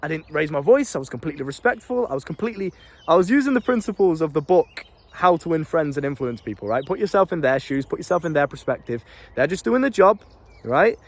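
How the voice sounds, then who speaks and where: A young British man telling a story in a casual, animated way, laughing often and swearing freely. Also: fairly high pitch, quick pace. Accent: British English. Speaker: self-improvement YouTuber.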